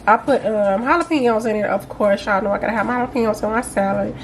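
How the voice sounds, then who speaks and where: A woman's voice: mid-range voice, fast, background noise. A young woman chatting casually to camera as a vlogger at home, playful and laughing easily. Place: home, indoors.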